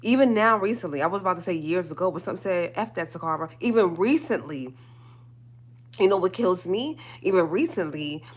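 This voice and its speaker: Woman going off on a livestream, lowish voice, keeps repeating herself for emphasis, slangy. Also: lively intonation, fairly quick. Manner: emphatic, repeating lines for stress, with slangy asides. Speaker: livestream host. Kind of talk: heated solo livestream rant.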